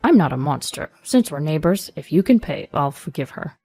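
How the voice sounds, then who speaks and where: A woman's voice: low-pitched, big pitch swings, normal speed, dark tone, exaggerated voice. A woman reading the lines of an older male steakhouse owner who blusters and threatens in a storybook tale. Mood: smug. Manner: blustering, menacing.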